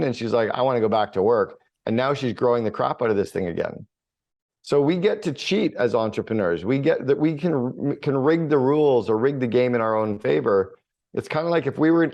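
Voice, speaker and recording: In a muffled recording, a middle-aged man with a medium-pitched, slightly mellow voice tells stories bluntly during a casual podcast chat, swearing now and then. He's a business coach and author.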